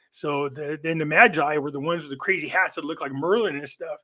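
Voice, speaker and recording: A man's voice: a little high, fairly even intonation, fairly quick, hardly any pauses, bright, forceful tone. A man who is a guest on a live online show, telling long stories in a rambling way and often restarting his sentences. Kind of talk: casual chat.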